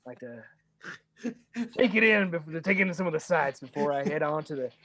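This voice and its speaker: A man's voice: on the high side, animated, moderate pace, a bit bright, no echo. A man doing a drawling laid-back reptilian drifter. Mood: easygoing. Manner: easygoing Southern-style drawl, says y'all.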